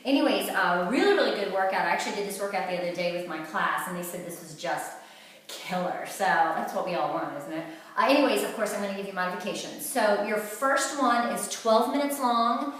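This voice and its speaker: A woman's voice: medium pitch, fairly quick, a bit bright. A woman fitness instructor demonstrating a workout, calling out each move as she does it and getting out of breath. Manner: cueing moves while exercising. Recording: very echoey room from far off.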